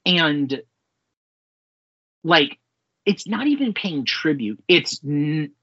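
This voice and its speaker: A man co-hosting a casual pop-culture podcast, talking in an animated, rambling way and swearing freely. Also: a little high, extremely slow, breathy edge, dry recording. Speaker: podcast co-host. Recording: slightly dull lo-fi sound.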